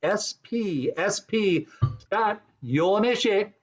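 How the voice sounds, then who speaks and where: A man's voice: high-pitched, lively intonation, slow pace, muffled recording, slight background noise. A man hosting an online improv game show over a video call, teasing and hesitant with many ums.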